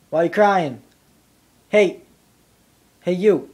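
A man in a casual home video, teasing his dog with repeated shouted questions and swearing. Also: high-pitched, lively intonation, slow, pauses often. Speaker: dog owner.

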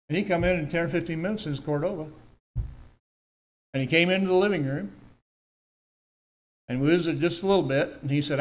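A man's voice: on the high side, fairly quick, long pauses. An older man, giving a personal testimony in church, telling his story earnestly with emphatic repetitions.

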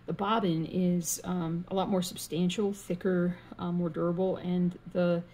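A woman's voice: on the low side, little pitch movement, unhurried, warm tone. A woman vlogging casually as she cross stitches, rambling and thinking aloud, humming and muttering to herself. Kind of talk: casual chat while stitching.

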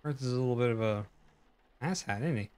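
A man's voice: medium pitch, a little fast, darkish tone, smooth. A man casually commenting while playing a horror game, chatty and curious, swearing now and then. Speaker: gaming video creator. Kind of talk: casual let's-play commentary.

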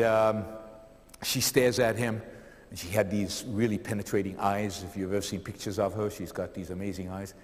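A man giving a public lecture to a live audience, telling a life story energetically, with many fillers and repeated words. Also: fairly low pitch. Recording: long hall reverb.

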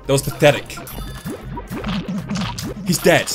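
A man's voice: medium pitch, animated, takes it slowly, music in the background. A young man giving gameplay commentary, ranting, swearing and joking about his losses. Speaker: game commentator.

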